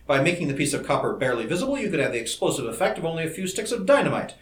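A man reading the part of an eager, excitable young scientist in an audiobook, in a roomy-sounding recording. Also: a little high. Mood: excited. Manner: eager, rapid enthusiasm. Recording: roomy echo.

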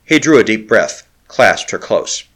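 A man's voice: on the low side, big pitch swings, a little slow, fairly bright tone. A man reading an adventure novel aloud as an audiobook narrator, telling it with dramatic expression.

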